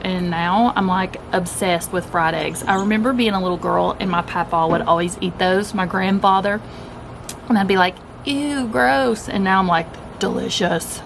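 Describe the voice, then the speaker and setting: A woman's voice: mid-range voice, a little hiss or hum. A woman, chatting casually to camera about her day and food, upbeat and addressing viewers directly. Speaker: keto vlogger. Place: at home, partly outdoors.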